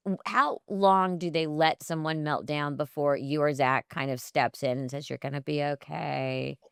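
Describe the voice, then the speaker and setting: Low, smooth-voiced woman host. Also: steady tone, normal speed, fairly bright tone, no echo, clean studio sound. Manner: wry, conversational, asks questions. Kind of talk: casual interview.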